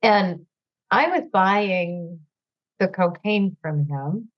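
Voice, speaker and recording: A woman guest candidly telling her recovery story, halting and full of fillers, teary at times. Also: mid-range voice, muffled recording. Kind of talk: emotional personal storytelling.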